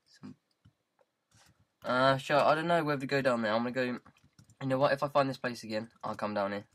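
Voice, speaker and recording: A man's voice: medium pitch, fairly quick, a bit bright. A man with a British accent giving casual, rambling gameplay commentary into a headset mic, goofing around and repeating words in silly riffs. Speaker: gaming YouTuber.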